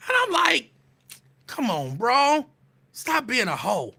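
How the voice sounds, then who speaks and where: A man hosts his podcast in an animated, profane call-out rant, circling back to the same jabs again and again. His pitch swings widely from phrase to phrase, and his tone stays bright and forceful. He takes his time and lets each line land slowly. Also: creaky, breathy edge. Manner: animated, teasing, profane, repetitive. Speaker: podcast host.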